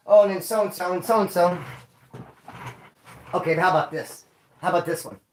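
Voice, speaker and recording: A man with a high-pitched voice hosts a livestream, telling rambling, repetitive stories in casual slang at a moderate pace. The recording has roomy echo plus a little hiss or hum.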